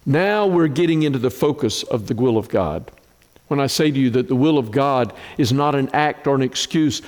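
Slow, emphatic preacher in a reverberant hall. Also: male voice. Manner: slow, emphatic preaching with dramatic pitch swings. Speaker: pastor. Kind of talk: sermon.

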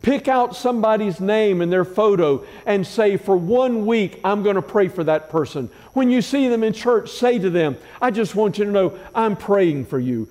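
A man with a high but mellow voice preaches a sermon, measured and emphatic, stacking repeated phrases to drive each point home. His words ring out with a long reverb from a large church sanctuary. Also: expressive. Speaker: pastor.

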